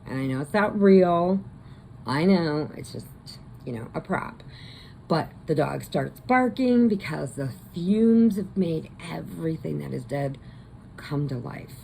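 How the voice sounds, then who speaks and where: A woman who hosts a crochet channel, casually retelling a horror movie in a rambling way and slipping into quick voices. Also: deep voice, expressive, vocal fry, warm tone, a little hiss or hum, poor audio.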